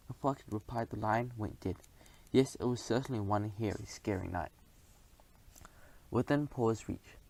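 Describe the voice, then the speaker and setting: A man's voice: on the low side, moderate pace, vocal fry, pauses often, darkish tone, rough recording. Man narrating a storybook. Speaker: audiobook narrator. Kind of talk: first-person storybook narration.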